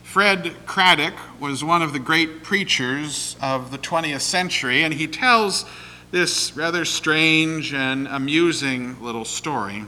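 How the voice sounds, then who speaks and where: Brief: male pastor, sermon delivery, slow and deliberate, very bright tone, slightly high. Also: slight background noise, poor audio. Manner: measured, deliberate rhetorical phrasing.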